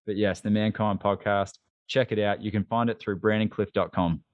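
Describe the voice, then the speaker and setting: Brief: podcast guest, Australian man, emphatic and self-deprecating, lowish voice, dry close mic. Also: fairly even intonation, moderate pace, no echo, lo-fi sound. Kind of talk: casual interview chat.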